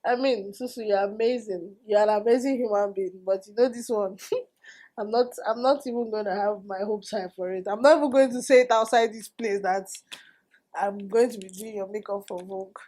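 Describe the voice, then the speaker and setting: Give me an animated young woman, chatting to her vlog viewers. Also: medium pitch, normal speed. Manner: animated, exclaiming and laughing, acting out quoted dialogue. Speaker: makeup artist and vlogger. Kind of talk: casual storytelling vlog.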